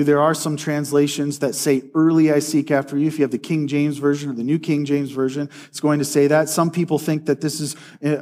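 A man preaching a sermon in an earnest way, slowing down to read scripture aloud. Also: a little high, a little mellow.

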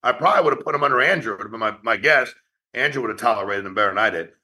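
A man who founded a company, giving a blunt, profane motivational talk to his sales agents in an online meeting, rapid-fire and challenging. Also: on the low side, expressive, sharp tone.

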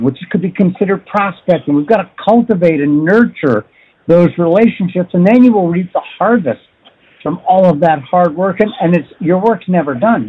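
Enthusiastic husky male podcast host. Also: a little high, highs cut off. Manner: enthusiastic, encouraging, emphatic. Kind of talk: casual podcast interview.

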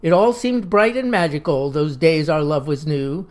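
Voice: medium pitch, moderate pace, lightly acted. A narrator voicing an earnest young woman of about nineteen, reciting in a sing-song way.

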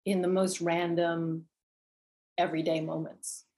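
A woman's voice: on the low side, level tone, unhurried, darkish tone. A woman guest in an interview, talking thoughtfully about her work as an actor. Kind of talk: conversational interview.

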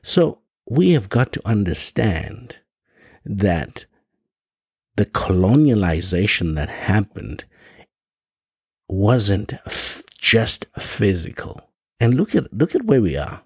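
Man from Africa, deep gravelly voice, husky edge, impassioned monologue, rhetorical questions, stammered restarts. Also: big pitch swings, slow, a little mellow, no room sound, studio quality. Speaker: podcast host.

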